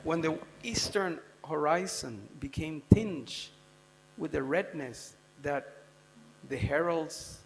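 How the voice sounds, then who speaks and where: A man with a slightly high, gravelly voice gives a devotional scripture lecture in a temple hall. He keeps it conversational and keeps turning to his listeners with quick questions. His voice rings with long hall reverb over a faint mains hum. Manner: conversational, quizzing the audience with "huh?" and "you know?". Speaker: speaker giving a scripture class.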